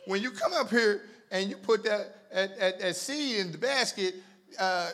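Bright-voiced teasing preacher man. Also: sits high, a little slow. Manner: chatty, teasing, repeats words often. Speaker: pastor. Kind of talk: sermon with humorous storytelling.

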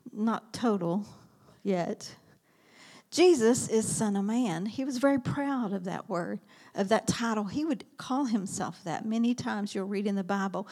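A woman's voice: mid-range voice, measured pace, dark tone. A woman teaching a sermon, reading Bible verses aloud in an earnest manner and dropping to a whisper at key words.

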